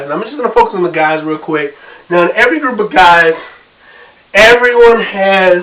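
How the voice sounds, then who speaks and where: A man with a high-pitched voice doing stand-up comedy in a basement. He talks in a loose, chatty way and keeps turning to the audience with asides. The mic sits a distance away from him. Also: fairly bright tone. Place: home basement.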